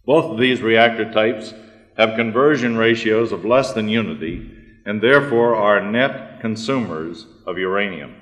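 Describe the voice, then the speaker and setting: A man giving a prepared conference talk, measured and deliberate, with fillers and throat clearing. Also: lowish voice, fairly bright tone, muffled recording. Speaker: conference speaker. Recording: reverberant hall, archive recording.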